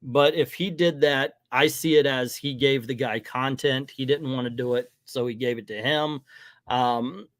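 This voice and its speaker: A man's voice: medium pitch, fairly even intonation, measured pace, dry recording, studio quality. A middle-aged man hosting a casual livestream, talking in a rambling, frank and hesitant way in front of a green screen. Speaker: livestream host.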